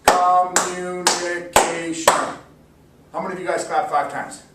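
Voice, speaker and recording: A man giving an encouraging mock classroom lesson, slowly sounding out words for students. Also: a little high, steady tone. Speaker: teacher. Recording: echoey room, distant mic, faint hiss.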